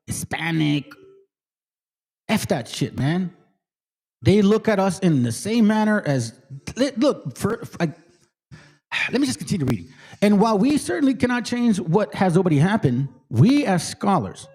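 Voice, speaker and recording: A man with a high, swooping voice reads passages from a book aloud. He keeps breaking off into blunt, profane commentary as the channel's host. His tone jumps up and down as he talks. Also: a little mellow, breathy edge. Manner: blunt and profane, cuts in on his own reading.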